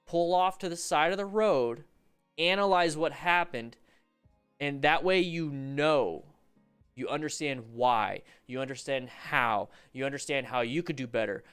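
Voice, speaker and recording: Over a livestream, a man reviews motorcycle riding videos to coach riders, his medium-pitched voice smooth. He jokes around with animated energy, rambling and restarting as he goes.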